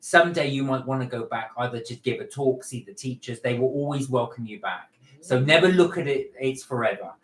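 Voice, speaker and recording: A man's voice: medium pitch, fairly quick, reverberant, poor audio. A man co-hosting a casual livestream, chatting and reading out viewer comments. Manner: chatty, reads out comments and answers them.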